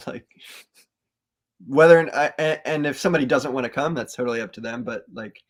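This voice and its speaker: A man guesting on a podcast talks loosely about touring, filling his sentences with "like" and "um". His pitch sits in the middle of the range for men. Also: fairly quick. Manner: loose, hedging with many fillers. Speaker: band member, podcast guest. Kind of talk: casual chat.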